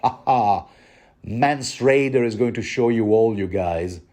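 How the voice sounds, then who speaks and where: A feisty young wildling woman, all teasing and scolding, comes through in a soft, mellow voice, put on by a man reading a book commentary. She jabs with mockery and defiance. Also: fairly low pitch, a little slow, close to an everyday voice. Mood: mocking.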